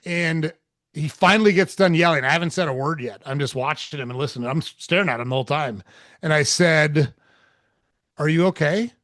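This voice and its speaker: Podcast host, man, fairly high voice, casual storyteller with loose swearing, dry close sound. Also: fairly quick, a bit bright, no echo. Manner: laid-back, swears casually, acts out dialogue.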